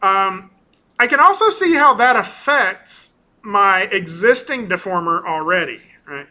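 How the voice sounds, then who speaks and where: A male animation instructor lecturing casually through a software demo, often ending points with "right?" and pausing on "um". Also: sits high, lively intonation. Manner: casual, talkative, keeps tagging on "right?"; frequent ums and restarts. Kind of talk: recorded class lecture with screen demo.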